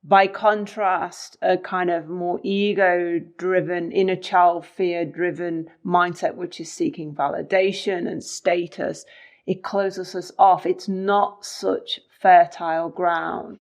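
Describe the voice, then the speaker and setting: A woman speaks slowly and carefully in a relaxed talk, her voice low for a woman. She weighs each word and sounds reflective. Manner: slow, measured and reflective. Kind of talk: casual conversation.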